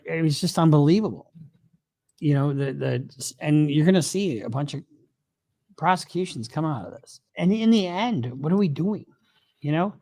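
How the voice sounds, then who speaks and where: A man's voice: on the high side, no room sound, clean studio sound. A man talking as a criminal lawyer guest in a casual opinion chat, discursive and rambling with many fillers.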